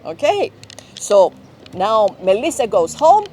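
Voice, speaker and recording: Slow, clear woman teacher. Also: mid-range voice, very animated, a little mellow, a little hiss or hum. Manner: slow, clear, often checking with children. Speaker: teacher, director of studies. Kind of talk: storytelling to young learners.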